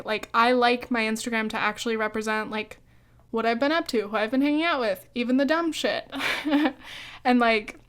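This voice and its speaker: A young woman with a fairly high, slightly bright, clean voice hosts a solo podcast. She rambles casually with tons of fillers, curses freely, laughs often, and hiccups now and then.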